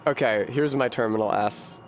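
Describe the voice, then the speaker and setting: A man's voice: fairly low pitch, normal speed, soft background music. A man streaming a video game, thinking aloud with profane, sardonic commentary. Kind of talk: live gameplay commentary.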